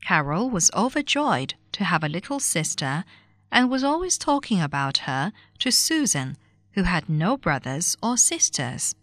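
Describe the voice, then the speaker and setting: Woman reading a listening test story, lively up-and-down pitch, very clear, dry close sound. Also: dry recording. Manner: clear, measured enunciation. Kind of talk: scripted reading for a language test.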